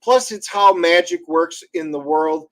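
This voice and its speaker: Co-host, man, halting explainer with dry quips, a touch high in pitch. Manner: explains with restarts and fillers, dry one-liners. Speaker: comic co-creator and co-host. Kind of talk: casual livestream chat.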